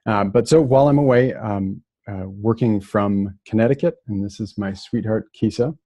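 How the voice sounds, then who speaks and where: A man from Minnesota giving a relaxed, casual lecture remotely, with plenty of fillers and restarts. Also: lowish voice, normal speed, no echo.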